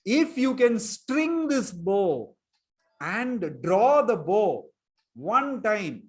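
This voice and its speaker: A man's voice: high-pitched, big pitch swings, drawn-out words, soft background music, full character voice. A man voicing an angry, mighty male warrior sage who scolds a demon scornfully while telling a story to children.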